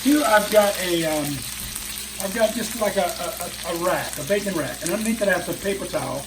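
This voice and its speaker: A man's voice: high voice, fairly quick. An older man hosting a home cooking show, chatting enthusiastically to viewers as he demonstrates a recipe. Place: home kitchen, frying food. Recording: sizzling frying noise behind. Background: sizzling pan and kitchen sounds.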